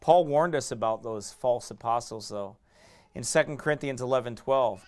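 A middle-aged pastor, preaching a sermon in fiery, emphatic bursts that swing from quiet asides to raised shouts. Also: male voice, mid-range voice, moderate pace.

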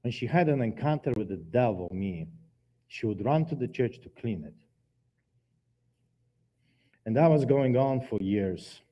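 A man preaching his personal testimony in a church, telling the story dramatically with emphatic swings in loudness. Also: medium pitch, expressive, normal speed, dull audio. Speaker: guest preacher giving testimony. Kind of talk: testimony sermon.

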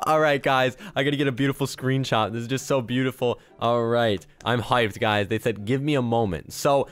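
A young man giving excited, chatty gameplay commentary, talking straight to his viewers. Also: medium pitch, normal speed, hardly any pauses, smooth. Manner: excitable, chatty, addresses viewers as guys and bro. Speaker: gaming YouTuber.

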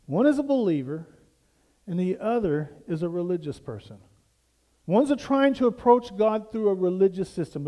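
A man preaches to his congregation, pressing points home with repeated questions and rising emphasis. His voice sits high for a man. The sound carries a long reverb from the church hall. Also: sing-song, moderate pace, warm tone. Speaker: pastor. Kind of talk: sermon. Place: church sanctuary.

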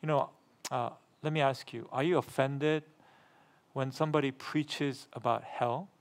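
A man's voice: steady tone, unhurried. Emphatic middle-aged man preaching. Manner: emphatic, repeats phrases, asks the congregation rhetorical questions; gets louder and higher when reading scripture aloud. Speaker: pastor. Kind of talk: sermon.

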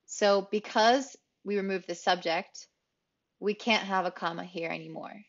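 A woman English teacher explaining grammar rules in a clear, explanatory way, repeating key phrases for emphasis. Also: medium pitch, unhurried, highs cut off. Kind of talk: grammar lesson.

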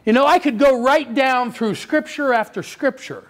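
An older man preaching a sermon, telling stories with lively energy and sudden shouts. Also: very high-pitched, moderate pace. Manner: animated storytelling, acts out children's voices, bursts into shouts. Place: church sanctuary.

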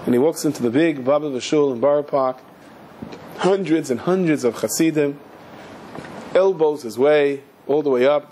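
A rabbi telling a story in a sermon, lively, moving between narration and acting out the characters. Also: male voice, mid-range voice, slight background noise. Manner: animated, acts out the characters in a story.

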